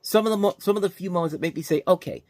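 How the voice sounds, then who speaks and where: A man hosting his own film review show, ranting about a bad comedy in an exasperated, animated way. His voice sits a little high for a man. The recording is dry and close, with no room sound. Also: very fast, no room sound. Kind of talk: casual movie review monologue.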